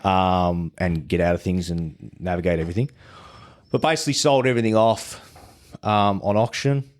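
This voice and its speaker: A man's voice: low voice, fairly even intonation, moderate pace. A man who is a podcast guest tells his story in casual chat. He swears freely and often restarts his sentences.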